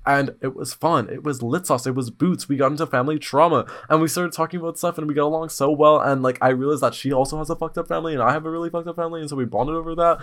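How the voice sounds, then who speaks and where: A man hosting a podcast in casual chat, telling stories in a blunt, slangy, animated way with sudden excited jumps in pitch. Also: rapid-fire, few pauses. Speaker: podcast host.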